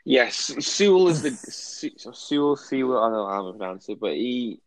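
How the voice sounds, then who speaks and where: A British man co-hosting a podcast, chatting about football in an animated way, often stumbling and restarting. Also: mid-range voice, moderate pace, dry recording, rough recording. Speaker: podcast co-host. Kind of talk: casual football chat.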